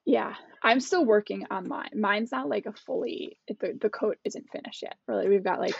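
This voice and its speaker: A woman's voice: mid-range voice, moderate pace, gravelly, slightly rough, dry recording. A woman podcast co-host and culture expert chatting candidly, reflecting on herself and restarting her sentences. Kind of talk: casual podcast chat. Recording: dull, lo-fi dry sound.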